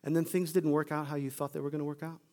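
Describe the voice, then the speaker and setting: A man pastor giving a conversational sermon, telling the story in an animated way. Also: fairly high pitch, rapid-fire.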